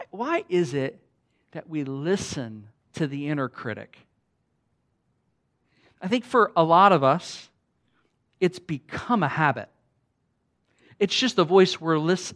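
A man preaching a sermon, passionate and conversational, swinging between soft, intimate lines and loud, emphatic bursts. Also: a little high. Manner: conversational with fillers and repeats. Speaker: pastor.

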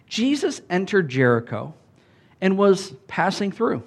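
A pastor with a somewhat high voice delivers a sermon in a relaxed, chatty way. He talks like he is speaking with friends and keeps checking in with his listeners. His delivery swings between easy asides and animated emphasis. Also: a little slow, slightly rough. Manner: conversational, animated preaching with many "like"s and calls of "Amen?".

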